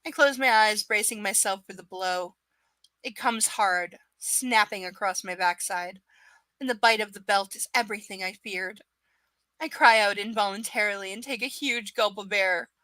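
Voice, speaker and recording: A woman's voice: mid-range voice, normal speed, pushed and bright, dry recording. A woman reading a novel aloud on a livestream and breaking off into sarcastic, profane, exasperated rants about the characters. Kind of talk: live book reading with ranting commentary.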